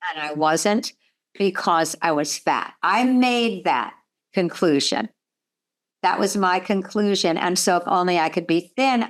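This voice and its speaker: A woman speaking slowly and earnestly in a reflective conversation, thinking aloud about her own experience. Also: mid-range voice. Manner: slow, earnest, self-reflective.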